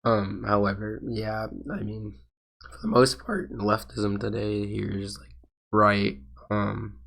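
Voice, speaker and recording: A man's voice: fairly low pitch, level tone, takes it slowly, creaky, a bit bright. A man who is sick and losing his voice, streaming and reacting to a video with rambling, hesitant casual commentary. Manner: rambling, hesitant, full of restarts.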